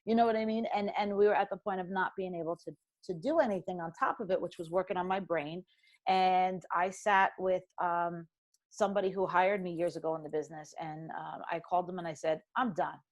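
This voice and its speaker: Middle-aged New woman, lower voice, animated storyteller, guest on a talk show. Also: fairly quick. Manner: animated storyteller acting out quoted dialogue. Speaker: financial professional guest. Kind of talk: candid conversational storytelling.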